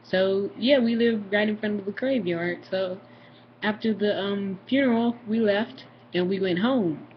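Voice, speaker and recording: A woman's voice: mid-range voice, measured pace, lo-fi sound, a little hiss or hum. A young woman vlogger telling a story to the camera in a casual, rambling way, full of fillers and acted-out family voices.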